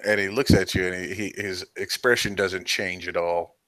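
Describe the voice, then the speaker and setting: A man's voice: sits low, fairly even intonation, normal speed, a bit bright, a little hiss or hum. A man narrating a tabletop game as game master, in a loose, hedging way.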